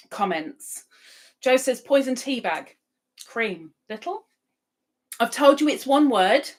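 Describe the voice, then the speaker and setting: A woman hosting a casual live stream, chatting and reading out viewer comments with frequent laughs. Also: on the high side. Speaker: livestream host. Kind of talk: casual live-chat talk.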